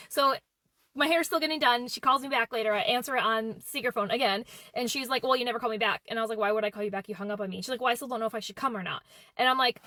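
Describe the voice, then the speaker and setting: A woman telling a personal story in an animated way, acting out what people said. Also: a little high, rapid-fire, dry recording. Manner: animated, quoting people in dialogue. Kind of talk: casual storytime.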